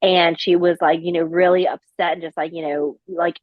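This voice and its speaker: A flight attendant appearing as a podcast guest chats casually, telling stories in a rambling way packed with fillers. Her voice is lowish and steady, and she talks a little fast. The audio is dull, with no room sound.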